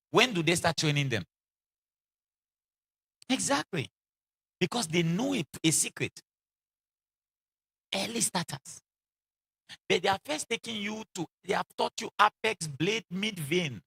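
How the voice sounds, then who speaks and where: A man preaching a sermon in an animated way, acting out quoted voices and repeating lines for emphasis, with laughs between lines. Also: high-pitched, creaky, breathy edge.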